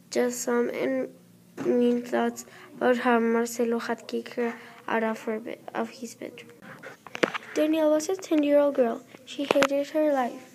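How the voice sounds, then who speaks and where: A young student reads her own fantasy story aloud in a high, light voice. She halts now and then and restarts words as she goes. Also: warm tone. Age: child. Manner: halting reading with restarts. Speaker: student reader.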